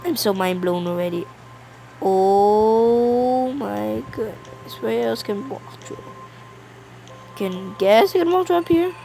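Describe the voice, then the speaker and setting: A young woman giving casual let's-play commentary, excitable and talking back at the game's characters. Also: a little high, slow, vocal fry, soft background music. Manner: excitable, talks to the game characters. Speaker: gamer.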